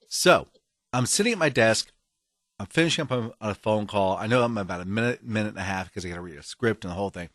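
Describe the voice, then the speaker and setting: A man co-hosting a podcast, telling a story in a casual, animated way and acting out the people in it. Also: on the low side, fast, no room sound, studio quality. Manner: animated, acts out phone calls in other voices. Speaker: co-host.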